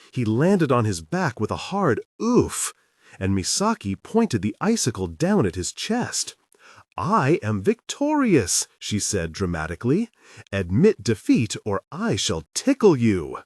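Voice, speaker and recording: A man narrating an audiobook in an expressive, varied way. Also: mid-range voice, no room sound. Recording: dry, slightly distant mic.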